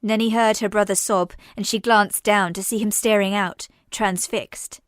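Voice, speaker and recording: A woman narrating a science-fiction audio drama in a measured, unhurried voice. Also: mid-range voice, steady tone, no echo, studio quality.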